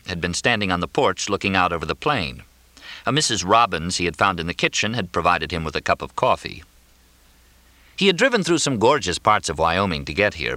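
A male narrator reads a novel aloud in a low, deep voice with a lively, expressive lilt. His tone is bright and crisp, and the recording is dry and close, with no room sound. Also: dry recording. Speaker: audiobook narrator. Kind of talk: scripted narration.

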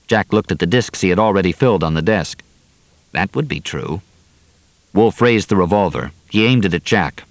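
Low-voiced man narrating a novel. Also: a little fast, dry recording. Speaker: audiobook narrator. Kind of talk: scripted narration.

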